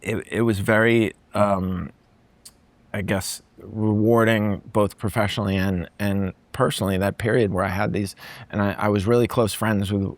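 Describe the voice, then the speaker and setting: A man's voice: on the low side, fairly even intonation, dry recording. A male comedian from Massachusetts, likely in his forties, talking casually as a guest, often restarting his sentences. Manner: halting, restarts phrases, chuckles. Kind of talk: casual conversation.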